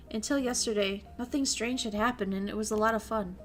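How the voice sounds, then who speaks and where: A woman reading out an anxious teenage boy, quiet and uneasy, fairly high voice, visual novel reading, faint music. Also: steady tone, normal speed, close to an everyday voice.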